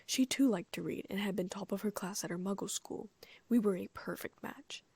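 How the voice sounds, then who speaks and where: Husky, soft-spoken woman reading a story. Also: medium pitch, normal speed, dry recording. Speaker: audiobook narrator. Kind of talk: first-person fan fiction audiobook reading.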